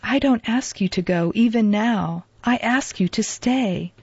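A woman voicing an unwell, forgiving middle-aged man, quiet and husky; dull, dry audiobook recording. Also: on the high side, a little slow, no room sound. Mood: sad.

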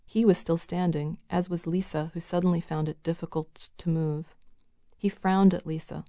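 A woman narrating a novel in a measured, even reading. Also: fairly low pitch, no echo, studio quality. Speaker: audiobook narrator.

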